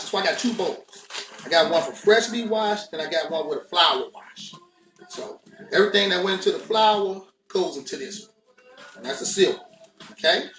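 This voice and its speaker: A U.S. cooking show host with a high, sharp-toned voice keeps up easygoing chatter with viewers as he cooks. He's in a home kitchen, and the recording is echoey with the microphone placed far away.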